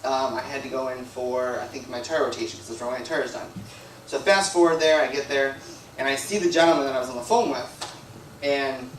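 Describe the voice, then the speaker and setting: Speaking as a guest preacher in a church hall, a man tells a personal story in a rambling, conversational way, peppering it with "like" and "you know." His voice is mid-range with a fairly bright tone. The recording picks him up from a distance in an echoey room, with a little hiss or hum.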